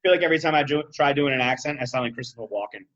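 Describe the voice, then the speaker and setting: A man chatting casually on a podcast, a relaxed storyteller who swears offhandedly. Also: mid-range voice, racing, no echo. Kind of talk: casual chat. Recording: dull lo-fi podcast audio.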